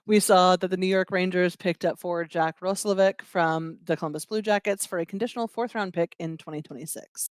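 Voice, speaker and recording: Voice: medium pitch, steady tone, brisk, hardly any pauses, clear, resonant tone, no room sound, clean studio sound. A podcast co-host chatting casually and laughing easily. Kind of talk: casual sports chat.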